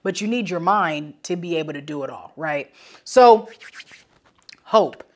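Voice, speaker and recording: A woman's voice: on the low side, animated, a little slow, darkish tone. A woman hosting a motivational podcast alone, speaking emphatically in casual slang and repeating key phrases for emphasis. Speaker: podcast host. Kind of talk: motivational solo podcast talk.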